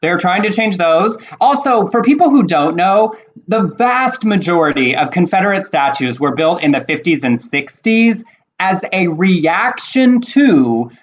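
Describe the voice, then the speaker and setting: A man from Texas co-hosting a casual chat, talking fast in a snippy, argumentative way. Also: high-pitched, sing-song. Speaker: co-host. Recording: dull lo-fi audio.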